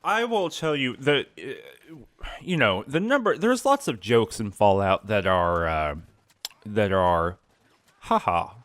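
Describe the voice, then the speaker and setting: Animated man in casual game chat. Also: fairly low pitch, takes it slowly, no echo. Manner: rambling, playful storytelling. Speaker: podcast co-host.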